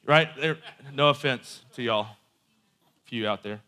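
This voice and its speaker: A man's voice: medium pitch, a little slow, bright, forceful tone. A man preaching a sermon in a conversational storytelling way, with asides and quoted voices.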